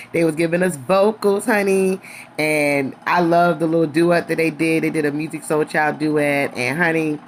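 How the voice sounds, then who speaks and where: Sassy bright-voiced reality show reviewer. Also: mid-range voice, slight background noise. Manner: sassy, chatty, calls listeners honey and girl. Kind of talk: casual episode recap.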